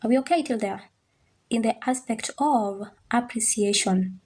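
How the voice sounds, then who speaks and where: A young woman teaching French, patiently repeating words slowly and checking that the class follows. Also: a little high, darkish tone. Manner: patient, drills pronunciation slowly, checks understanding. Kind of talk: online language lesson.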